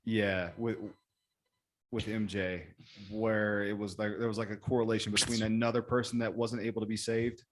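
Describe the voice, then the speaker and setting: Earnest man with a low voice. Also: level tone, normal speed. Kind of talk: casual chat.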